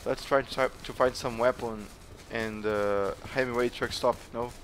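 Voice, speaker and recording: A man from Brazil with a Brazilian accent, a gamer joking his way through gameplay commentary with playful teasing and sudden excited yelps. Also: medium pitch, measured pace, a little hiss or hum. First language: Portuguese. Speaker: gamer hosting a let's play channel.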